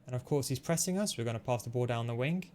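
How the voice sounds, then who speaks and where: A man giving fast, analytical play-by-play commentary over his own football video game match, explaining tactics with frequent fillers. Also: mid-range voice, animated, a little mellow, a little hiss or hum. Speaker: gaming tutorial host. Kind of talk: gameplay commentary.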